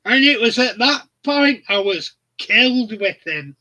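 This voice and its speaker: Slow, bright-voiced man. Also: extremely high pitch, lively intonation, low-quality recording. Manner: rambling, blunt, laughs at his own stories. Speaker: channel host. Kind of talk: casual chat.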